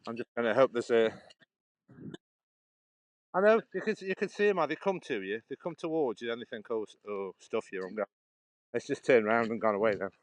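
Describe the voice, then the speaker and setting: A man's voice: medium pitch, lively intonation, fairly quick, long pauses, dry recording. A man from Stoke-on-Trent, rambling and laughing as he chats to live viewers on an outdoor canal walk. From Stoke-on-Trent, England. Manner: chatty, rambling, laughs often, answers viewer comments. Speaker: livestream walker. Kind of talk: casual live-stream chat while walking. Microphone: phone held while walking.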